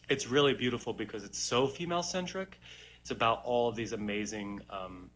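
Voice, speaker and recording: Man, young adult, stage actor, casual chatty Q&A, bright tone. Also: fairly low pitch, a little hiss or hum. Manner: chatty, answers viewer questions with laughs. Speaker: musical theatre actor. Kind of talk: casual live-stream Q&A.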